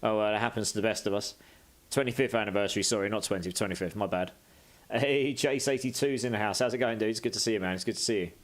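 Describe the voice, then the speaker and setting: A man's voice: on the low side, fast talker. A British man streaming a game live, chatting casually as he reads out and answers viewer messages.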